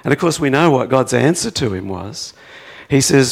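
A man preaching a sermon, rising to impassioned pleading peaks and then dropping to a quiet, reflective tone. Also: mid-range voice, moderate pace, vocal fry. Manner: acts out prayers in a pleading voice.

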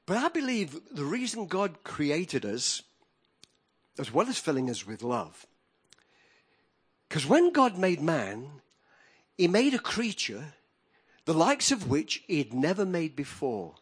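A middle-aged man preaching a sermon, with animated, emphatic delivery that rises in bursts. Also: a little high, takes it slowly, pauses often, slightly rough.

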